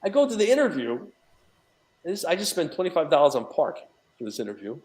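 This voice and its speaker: A man's voice: fairly high pitch, wildly swooping pitch, quick pace, darkish tone. Rambling man recounting a long story. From New York. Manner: rambling, many fillers and restarts. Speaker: guest, documentary associate producer. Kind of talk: casual interview conversation.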